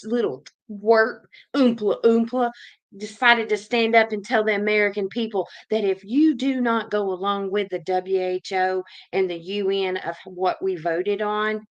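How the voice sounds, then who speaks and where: A woman hosting a livestream, delivering a heated, profane political rant full of repetition. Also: mid-range voice. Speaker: livestream host.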